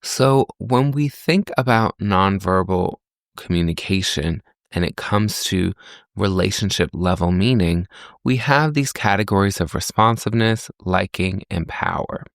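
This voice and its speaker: A man's voice: sits low, measured pace, no room sound, studio quality. A man, a communication professor, explaining concepts in a conversational teaching style with rhetorical questions and everyday examples. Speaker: communication professor and podcast host. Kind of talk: lecture-style podcast.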